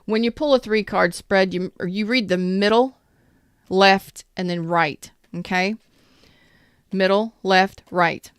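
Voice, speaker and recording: A woman's voice: mid-range voice, slow, clear, resonant tone, no echo, clean studio sound. A woman giving a casual, chatty tarot reading, speaking straight to her viewers in an upbeat, emphatic way. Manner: chatty, addresses viewers directly. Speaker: tarot reader.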